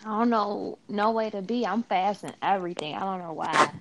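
A young woman chatting casually as a podcast co-host, quick and hyper in how she talks. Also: mid-range voice, a little hiss or hum. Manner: quick, animated, self-described hyper. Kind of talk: casual chat.

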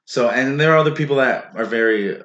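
A man's voice: medium pitch, brisk, dull audio, a little hiss or hum. A man co-hosting a casual podcast, blunt and profane, ranting with strong opinions. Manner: blunt and profane, animated rants. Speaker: podcast co-host. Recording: echoey room.

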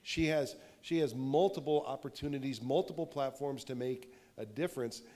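A man's voice: mid-range voice, moderate pace, dark tone. A man hosting and exhorting listeners in a sermon style, repeating phrases with a preacher's cadence. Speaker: pastor, host.

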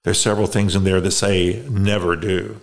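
A middle-aged man telling his recovery story as a podcast guest, halting and reflective, with many restarts. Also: low voice, little pitch movement. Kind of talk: casual conversation.

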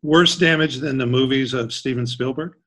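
A man co-hosting a casual comedic chat, wry and quick to laugh. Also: mid-range voice, fairly bright tone. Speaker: podcast co-host.

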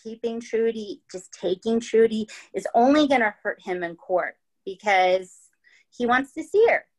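Speaking a little slowly in an animated voice on the high side, this woman narrates a true-crime story for her podcast. She's casual and chatty, curses a lot, and keeps checking in with "right?" and "okay?", all on a rough recording.

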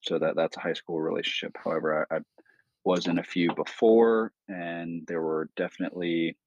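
A young man, a podcast guest and new father, talking in a measured, reflective way. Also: sits low, steady tone, lo-fi sound, slight background noise. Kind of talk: casual conversation.

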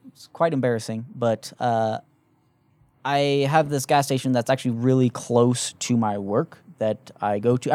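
Animated young man telling a story. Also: medium pitch, no room sound. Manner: animated storytelling, swears freely. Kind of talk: casual chat.

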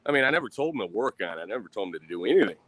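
Man, mid-thirties, low voice, rambling casual vlog talk over beer, swears freely, sighs between thoughts. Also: big pitch swings, very fast, a bit bright, no room sound. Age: 30s. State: drinking beer.

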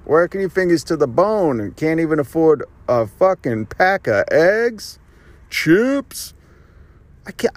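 A man's voice: a little high, darkish tone. A man hosting his own podcast, delivering a rambling, sarcastic and profane solo rant. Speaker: podcast host. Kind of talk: ranting monologue.

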